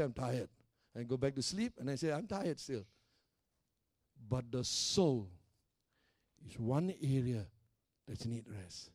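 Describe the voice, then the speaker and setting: A man's voice: on the high side, warm tone, no echo, clean studio sound. A middle-aged man, a pastor, preaching a sermon emphatically and often tossing questions like "huh?" to the congregation. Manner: emphatic preaching with call-and-response tags.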